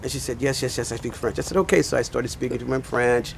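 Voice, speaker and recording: Gravelly older man telling a story. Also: medium pitch, fairly even intonation, quick pace, slight background noise. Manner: rambling anecdotal telling with many fillers. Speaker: pastor and teacher. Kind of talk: casual storytelling monologue.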